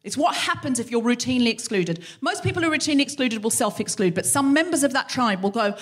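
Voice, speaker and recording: A woman hosting a live comedy podcast, delivering a profane, animated stand-up monologue on stage. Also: fairly high pitch, fast talker, few pauses. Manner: profane, animated, acts out scenes. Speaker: podcast host. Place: live show on stage before an audience.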